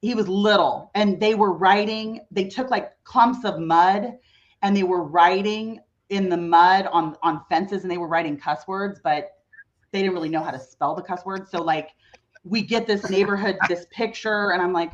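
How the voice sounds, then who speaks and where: This muffled recording features a thirtysomething mother of a teenage boy, a podcast guest spinning an animated story in casual conversation with plenty of "like." She speaks at medium pitch and a moderate pace.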